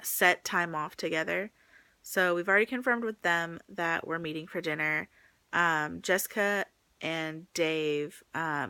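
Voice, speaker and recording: A woman's voice: on the low side, sharp tone, no room sound. A young woman vlogging to her phone camera in a casual, chatty way, full of likes and ums, a little teary. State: pregnant, teary.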